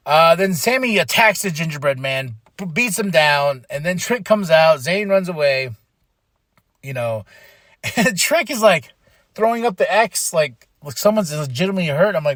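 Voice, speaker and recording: A man hosts a casual podcast, recapping with excited energy. He stumbles through fillers and slips into little acted-out quotes. His voice sits a bit high, and the recording is close and dry with no room sound. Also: normal speed, no echo. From Flagstaff, Arizona. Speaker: podcast host.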